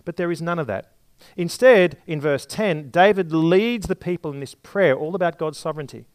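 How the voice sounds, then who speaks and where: Male preacher, slightly higher voice, dry close mic, sermon with homely examples. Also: moderate pace, clear, resonant tone, no room sound. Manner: explains scripture with everyday examples, some restarts.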